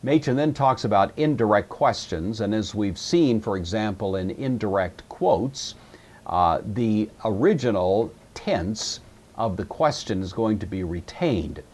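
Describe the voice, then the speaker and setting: Male teacher, low husky voice, patient and methodical lecture delivery. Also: animated, measured pace, darkish tone. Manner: patient, methodical explaining with frequent uh fillers. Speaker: Greek teacher. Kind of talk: recorded lecture.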